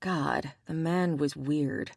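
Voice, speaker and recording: A woman narrating a romance audiobook in a measured, even read on a close mic. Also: low-pitched, creaky, no echo.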